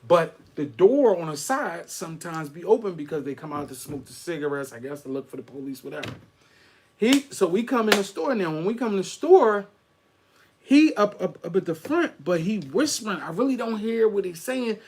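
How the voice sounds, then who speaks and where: A middle-aged man, hosting a podcast and telling a story in animated street slang. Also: high-pitched, normal speed, breathy edge. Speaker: podcast host. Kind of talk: casual storytelling.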